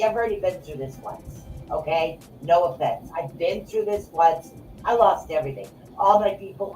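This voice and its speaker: A woman's voice: on the low side, darkish tone. A woman podcast host ranting in anger, swearing and repeating herself. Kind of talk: angry off-the-cuff rant. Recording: echoey room, voice from far off, faint music.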